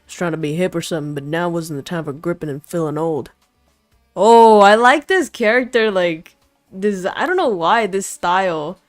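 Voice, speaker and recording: Faint music plays behind a young woman vtuber whose lowish voice is expressive and moves at normal speed, recorded at studio quality with no echo. While streaming a game, she chats casually, reads story text aloud with playful energy, hops between languages, and greets chat teasingly.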